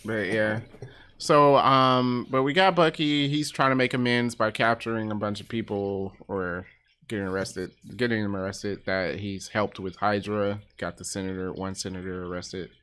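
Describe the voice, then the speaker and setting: A man's voice: fairly low pitch, fairly even intonation, moderate pace, fairly bright tone, clear, resonant tone. A man co-hosting a casual podcast about a TV episode, laughing often and trailing off with ums. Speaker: podcast co-host.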